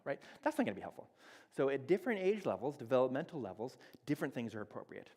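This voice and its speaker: A man's voice: medium pitch, sing-song, quick pace, a little mellow. A man in his thirties giving a conversational sermon, teaching with everyday examples and acting out bits of dialogue. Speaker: church speaker. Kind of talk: sermon on relationships. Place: church sanctuary. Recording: long reverb of a church hall.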